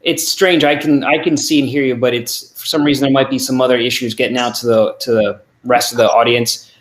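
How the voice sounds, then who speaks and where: A man's voice: medium pitch, steady tone, brisk. A man in a mid-range voice hosts a virtual arts event in a loose, chatty way, stumbling over fillers and apologizing often. The sound bounces around an echoey room. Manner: apologetic, casual, many fillers. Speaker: event host. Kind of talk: live virtual event hosting.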